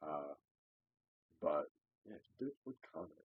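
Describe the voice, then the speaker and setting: A man's voice: rumbling low, animated, slow, slightly rough, dry recording, phone-quality sound. A young man hosting a casual podcast, joking loosely and swearing often. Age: young adult. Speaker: podcast host.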